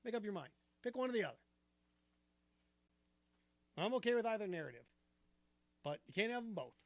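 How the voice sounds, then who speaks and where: A man hosting a sports talk show, arguing his opinions with rhetorical questions in an animated, argumentative way. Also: sits high, a little fast, no room sound.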